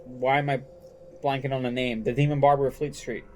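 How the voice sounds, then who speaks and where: A man's voice: mid-range voice, level tone, brisk, slight background noise. A man co-hosting a podcast in casual chat, easygoing, bantering and steering the conversation. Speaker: podcast co-host.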